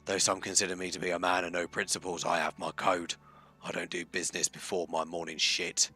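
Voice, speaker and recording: A man's voice: low voice, little pitch movement, fairly quick, pushed and bright, husky, soft background music, full character voice. A man voicing a scruffy, plump male fixer in a Cockney accent while reading a story game. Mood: brash.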